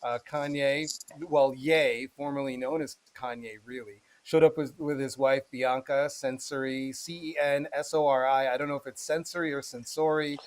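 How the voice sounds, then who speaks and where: A man's voice: mid-range voice, steady tone, moderate pace, hardly any pauses, a little mellow. A man co-hosting a podcast, explaining celebrity news in a loose, chatty way full of filler sounds. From United States. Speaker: podcast co-host. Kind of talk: casual chat.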